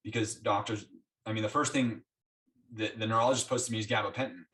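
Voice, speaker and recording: This fast-talking man with a lowish voice is a guest in an interview, sharing his story casually. He animatedly acts out quoted exchanges with his doctors, captured on a distant mic.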